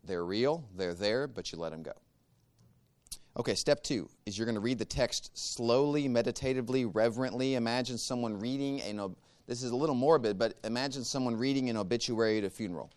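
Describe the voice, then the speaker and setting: A man guides a church group through meditative prayer, one step at a time. His voice is smooth and resonant and sits at a middle pitch. He speaks in a calm, measured way. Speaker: church teacher leading a meditation class. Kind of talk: teaching a guided prayer practice.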